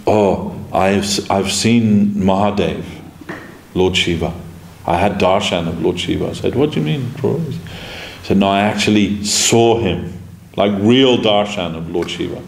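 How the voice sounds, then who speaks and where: A man's voice: low voice, vocal fry, darkish tone. A man giving an informal devotional class, telling anecdotes and acting out the quoted dialogue in them. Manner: storytelling, acts out quoted dialogue, chuckles. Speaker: spiritual teacher giving a class. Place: temple lecture room. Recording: echoey room, faint background noise.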